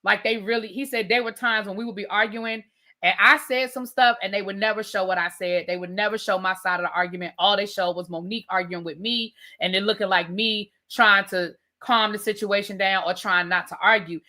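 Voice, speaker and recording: Bright-voiced woman chatting live. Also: mid-range voice, steady tone, fairly quick. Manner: chatty, emphatic, talks straight to chat. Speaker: livestream host reviewing reality TV. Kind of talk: casual livestream chat with viewers.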